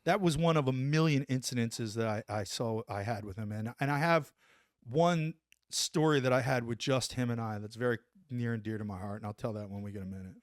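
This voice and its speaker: A middle-aged man and former soldier telling a story on a podcast, animated, acting out what people said and saying "like" often. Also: medium pitch, a little fast, no room sound, studio quality. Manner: animated, acts out quotes, says "like" a lot. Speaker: podcast guest, former Army Ranger. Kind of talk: casual storytelling.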